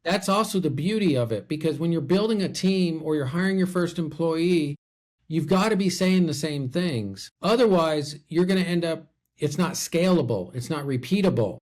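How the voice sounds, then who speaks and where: Middle-aged man with a higher voice. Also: expressive, moderate pace, a little mellow. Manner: storytelling, conversational. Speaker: guest, loan officer. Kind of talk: casual podcast chat.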